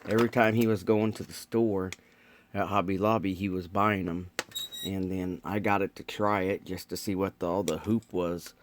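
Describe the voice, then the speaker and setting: A man's voice: sits low, steady tone, normal speed, a little hiss or hum. A man chatting casually with viewers while building model cars, rambling and laid-back with lots of ums. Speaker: model car builder streaming live. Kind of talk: casual live-stream chat.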